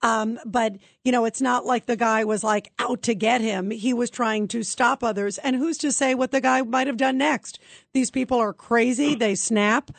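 A woman's voice: fairly high pitch, fairly even intonation, normal speed, vocal fry, no echo. A woman hosting a talk radio show, speaking emphatically and conversationally with many fillers.

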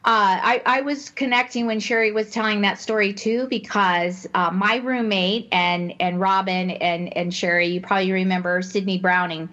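A woman co-hosting a casual Christian women's talk show, telling stories in an animated way and laughing often. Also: medium pitch, normal speed, hardly any pauses. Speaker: podcast co-host. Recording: dull lo-fi audio.

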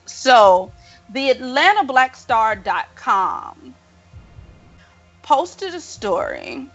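A woman co-hosting a podcast, telling a story in an animated, profane, dramatic way. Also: medium pitch, muffled recording. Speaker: podcast co-host. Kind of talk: casual storytelling chat.

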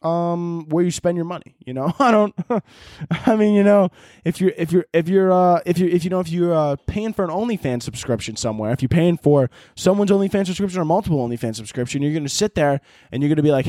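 Young man, podcast host, profane rambling rant, somewhat high voice, dry close sound. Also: fast, no room sound. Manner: profane, animated, rambling, acts out imagined dialogue. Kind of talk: casual comedic podcast rant.

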